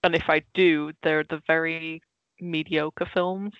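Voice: medium pitch, flat delivery, measured pace, smooth, no echo. A young adult from the Netherlands with a Dutch accent, chatting as a podcast co-host in a passionate, rambling way and laughing easily. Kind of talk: casual chat. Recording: dull lo-fi sound.

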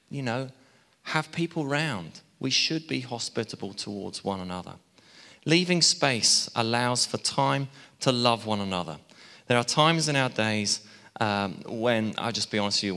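Chatty preacher in a reverberant hall. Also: male voice, medium pitch. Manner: chatty, warm asides, laughs at himself. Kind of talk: sermon.

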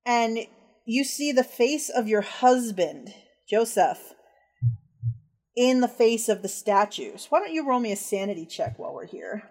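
A woman's voice: on the high side, expressive, a little slow, a little mellow. A woman narrating as game master of a tabletop horror game, casual and descriptive, with frequent fillers.

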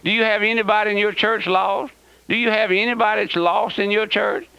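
A man's voice: high voice, steady tone, fairly quick, vocal fry, pushed and bright, smooth, dry recording. A man preaching a fiery radio sermon, impassioned, repeating phrases and calling listeners "my friend". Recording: dull dry radio recording.

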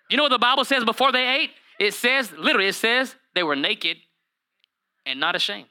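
A man pastor preaching a lively sermon, acting out Bible characters in comic voices and calling out to his listeners. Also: extremely high pitch, fairly quick. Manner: animated, acts out Bible characters in funny voices, calls to the congregation by name.

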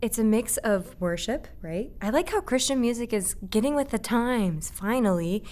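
A woman's voice: fairly high pitch, lively intonation, normal speed, darkish tone. A young adult woman, a guest in a casual interview, speaking earnestly and reflectively and laughing easily.

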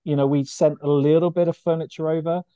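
A man's voice: on the high side, level tone, fast, mellow, smooth, no room sound, lo-fi sound. Oprechte Britse man, donkere droge stem. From United Kingdom. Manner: earnest, heartfelt storytelling with frequent restarts. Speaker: charity founder. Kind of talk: podcast interview.

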